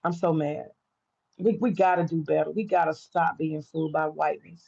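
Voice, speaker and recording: A woman's voice: low-pitched, steady tone, moderate pace, gravelly, darkish tone, husky, muffled recording. An American woman livestreaming to her viewers, ranting in a heated, profane, repetitive way. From United States. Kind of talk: casual livestream rant.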